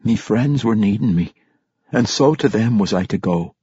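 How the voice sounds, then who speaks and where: A man voicing a gruff, guilt-ridden old dwarf king. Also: on the low side, expressive, moderate pace, dark tone, no room sound, dull audio. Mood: rueful. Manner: rough folksy dwarf speech, muttered. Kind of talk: audiobook character voice.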